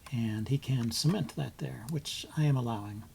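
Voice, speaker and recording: A man's voice: mid-range voice, moderate pace, vocal fry, warm tone, slight background noise. A man hosting his chess channel, commentating live on his own blitz game, thinking aloud with frequent ums and muttering moves under his breath.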